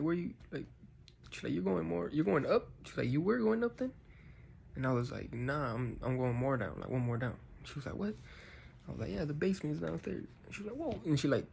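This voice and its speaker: A man with a gravelly, fry-laden voice at a middle pitch talks loosely to camera, drifting from story to reflection with constant fillers. A faint hiss of noise sits under the recording. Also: a little mellow. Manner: rambling, reflective, heavy use of fillers like "you know". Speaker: vlogger. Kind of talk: casual personal talk to camera.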